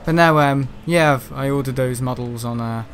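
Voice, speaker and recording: A man's voice: mid-range voice, normal speed, fairly bright tone. A man chatting casually on a gaming livestream, rambling and grumbling between frequent laughs. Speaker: gaming live streamer. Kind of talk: casual livestream chat while playing.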